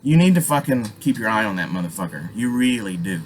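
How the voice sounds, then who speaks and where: A middle-aged man from Alaska telling a story casually, swearing constantly and jumping loudly when he acts out what people said. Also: lowish voice, brisk, slight background noise. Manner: animated, swears constantly, acts out quotes with loud jumps.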